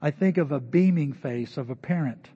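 An older male pastor preaches to a church congregation in a conversational, storytelling manner, his voice on the high side, warm and husky, at normal speed. The recording is dull and lo-fi, with long hall reverb.

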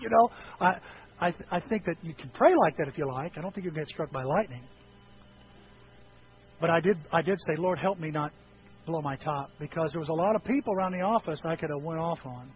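Male pastor, animated sermon delivery, voice sits a bit high, muffled church recording. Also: a little fast. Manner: animated, acts out quoted voices with sudden high yelps.

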